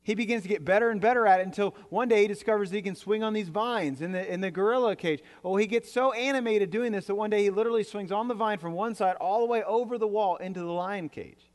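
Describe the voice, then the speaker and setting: Echoing through a reverberant church sanctuary, a man's high-sitting voice moves fast with few pauses. He is a pastor chatting through his sermon to the congregation, with jokes and words he repeats.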